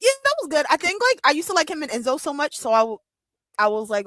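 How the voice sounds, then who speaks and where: A young adult woman with a high voice hosts a livestream watch-along, reacting live and talking fast. She's excitable, squealing and bursting into laughter, and the sound is dry and close with no room around it.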